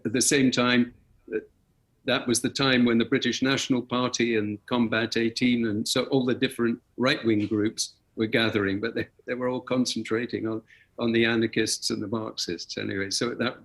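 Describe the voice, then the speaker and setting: A man's voice: medium pitch, little pitch movement, normal speed, fairly bright tone. A man speaking as a talk show guest, reflective and recounting past events. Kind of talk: interview conversation.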